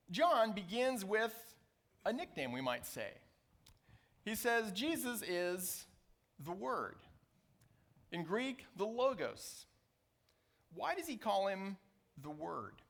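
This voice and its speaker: High-voiced man preaching a sermon. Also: a bit bright. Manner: deliberate, slowing to stress key phrases; reads scripture passages aloud. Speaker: pastor.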